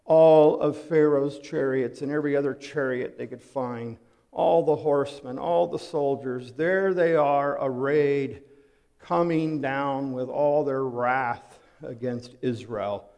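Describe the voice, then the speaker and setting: A pastor preaching a sermon, dramatic and full of rhetorical questions, swinging from hushed to loud. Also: male voice, mid-range voice, fairly even intonation, slow pace. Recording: long hall reverb.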